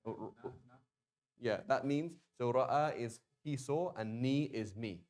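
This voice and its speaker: A man teaching a language class in a relaxed, chatty way, often stopping to sound out words slowly and restarting sentences. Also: mid-range voice. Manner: casual, conversational, with many fillers and restarts. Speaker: Arabic teacher. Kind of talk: classroom lesson.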